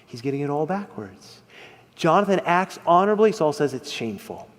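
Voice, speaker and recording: A man preaching a sermon, expressive, swinging between loud emphasis and hushed asides. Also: a little high, fairly quick, big-room sound. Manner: expressive, rises and drops in volume for emphasis. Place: church hall.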